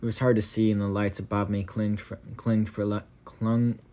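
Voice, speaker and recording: A man reads a first-person horror story aloud in a fairly low, flat, mellow voice at a fairly quick pace. He stumbles over words, corrects himself, and breaks off for casual profane asides to the listener.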